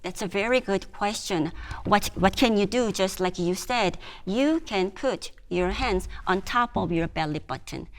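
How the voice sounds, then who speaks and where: A woman music therapist gently guiding a group through breathing and voice exercises, with encouraging praise. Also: medium pitch, animated, unhurried.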